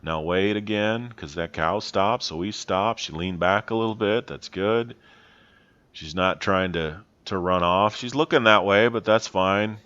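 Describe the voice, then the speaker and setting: A man, a horse trainer, calmly talking over his riding footage, explaining in a plainspoken, self-critical way. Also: fairly low pitch, unhurried, smooth, dull audio.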